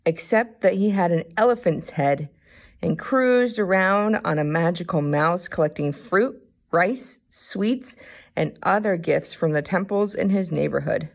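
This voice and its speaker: A woman reading a children's storybook aloud, expressive in manner. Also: lowish voice, measured pace, gravelly.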